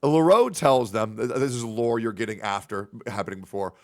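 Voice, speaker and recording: A man's voice: on the low side, normal speed. A man on a livestream telling a personal story in a rambling way, acting out the lines of the people in it. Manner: rambling anecdote, acting out quoted dialogue.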